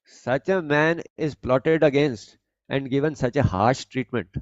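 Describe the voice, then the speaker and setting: A man giving a spiritual discourse on scripture, speaking deliberately and explaining each point, often rephrasing as he goes. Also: mid-range voice, no room sound, muffled recording. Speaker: spiritual teacher.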